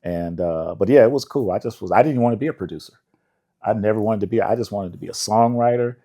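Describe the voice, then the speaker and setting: Low-voiced older man telling stories. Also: fast talker, warm tone. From Indianapolis, USA. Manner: laughing, acts out quoted voices. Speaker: songwriter guest. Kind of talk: relaxed storytelling interview.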